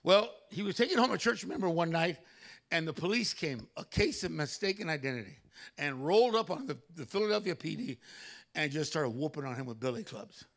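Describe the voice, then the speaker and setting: Male pastor preaching in church; high, ringing voice, lively stories and loud exclamations. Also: fairly quick, vocal fry. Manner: animated storytelling with loud exclamations. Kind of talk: sermon.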